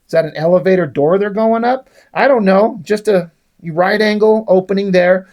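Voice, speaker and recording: A man's voice: high voice, moderate pace, darkish tone. A man casually reviewing a comic book and sketching on it as he talks, sarcastic, rambling and profane. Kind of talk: casual video review, drawing while talking.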